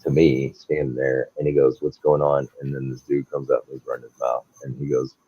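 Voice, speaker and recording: A man co-hosting a podcast, telling stories in a casual, animated way and acting out the people in them. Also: a bass voice, a little fast, slightly rough. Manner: animated anecdote-telling, acting out quoted people, laughs often. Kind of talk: casual storytelling chat. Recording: dull lo-fi dry sound.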